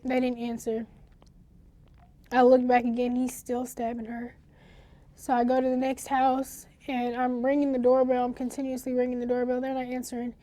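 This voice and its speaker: A teenage girl in an interview, telling of a traumatic night in a halting, shaken way, with pauses and restarts. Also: sits high, mellow. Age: teens. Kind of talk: recounting a personal ordeal in an interview.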